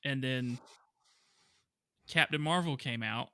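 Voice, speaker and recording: A man's voice: medium pitch, slow pace, creaky, bright, forceful tone, smooth, no echo, studio quality. A man co-hosting a podcast, chatting casually and jokily, sharing behind-the-scenes trivia. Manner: chatty, shares trivia, jokey. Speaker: podcast co-host. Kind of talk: casual movie review chat.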